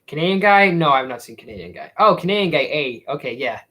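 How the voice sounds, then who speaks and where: A young man talks casually to viewers on a live stream. His voice sits a little high for a man. He rambles, circles back and fills gaps with ums and restarts. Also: expressive, fast talker, pushed and bright, rough recording. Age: young adult. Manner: rambling, full of fillers and restarts. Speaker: YouTube streamer.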